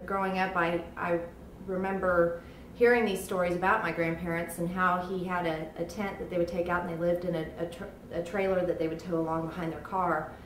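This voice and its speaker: A woman's voice: lowish voice, level tone, brisk, distant mic, a little hiss or hum. A woman recounting her family's history with revivals in an interview. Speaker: choir member. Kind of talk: reflective interview talk. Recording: roomy, off-mic with faint ambience.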